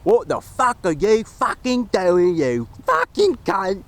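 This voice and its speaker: A man's voice: high-pitched, sing-song, slow pace, a bit bright, pitched above the performer's own voice, full character voice. A man voicing a rowdy, swearing British bloke at the pub, using a crude mock British accent.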